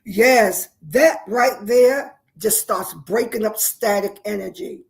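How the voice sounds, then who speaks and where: A woman's voice: mid-range voice, slow pace, gravelly. Woman minister chanting affirmations. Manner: coaxing call-and-response to viewers. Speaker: minister and show host. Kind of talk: spiritual affirmation coaching.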